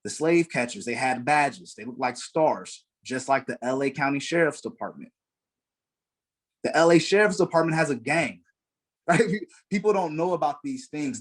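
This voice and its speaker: A man in the middle of his range, speaking over a video call as an online panelist. He talks earnestly and with conviction, filling his sentences with hesitations and dropping in short laughs. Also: mid-range voice. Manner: earnest, passionate, with frequent fillers and short laughs.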